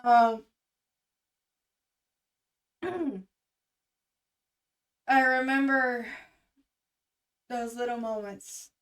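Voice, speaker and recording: High-voiced young woman, candid and emotional. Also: steady tone, recorded from a distance, poor audio. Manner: candid, emotional, swears freely, halting with fillers. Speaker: music reaction vlogger. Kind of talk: casual chat.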